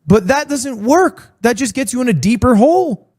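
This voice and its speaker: A man's voice: very high voice, moderate pace. A young man streamer telling stories in casual chat, acting out quotes as he goes. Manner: animated storytelling with mock quotes.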